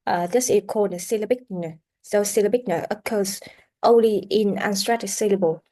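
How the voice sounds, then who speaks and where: Female pronunciation teacher, mid-pitched, halting delivery with fillers, models sounds over and over. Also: warm tone. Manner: halting, with many fillers, repeating sounds and words for practice. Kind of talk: classroom pronunciation lesson.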